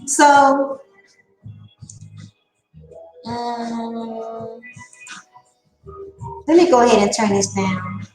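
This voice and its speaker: High-voiced sarcastic woman livestreaming. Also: extremely slow, long pauses, darkish tone, roomy sound, soft background music, poor audio. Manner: sarcastic, laughs often, talks to chat. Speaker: livestream host. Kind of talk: casual livestream chat.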